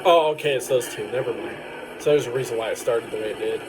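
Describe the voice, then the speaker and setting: A tired man hosting an anime reaction, talking in a loose, rambling way late at night. His voice sits in a middle pitch and he wanders through his thoughts with fillers. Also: fast talker, music in the background. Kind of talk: casual reaction commentary.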